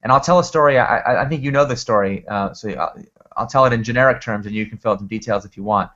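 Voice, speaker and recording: A man telling an animated story in conversation, a lively storyteller who often restarts his sentences. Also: lowish voice, fast talker. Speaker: guest speaker. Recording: dull lo-fi recording.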